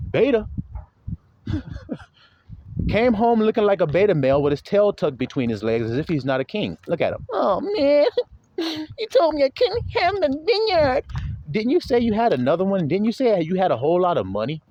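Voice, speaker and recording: A man teaching a Bible passage to his followers in an animated, mocking, sermon-style commentary. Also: on the high side, moderate pace, lo-fi sound. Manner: animated, mocking, laughing often.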